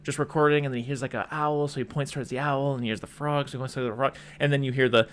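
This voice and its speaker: A man's voice: medium pitch, steady tone, racing, smooth. A young man hosting a casual podcast chat about movies, rambling through scenes and acting out the lines. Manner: rambling retelling with acted-out quotes. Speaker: podcast host.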